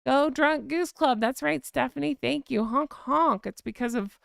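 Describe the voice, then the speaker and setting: Woman host chatting live, rapid excited talk, smooth but gravelly, dry close sound. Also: high-pitched, no echo. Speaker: livestream host. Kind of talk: casual live chat. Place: home.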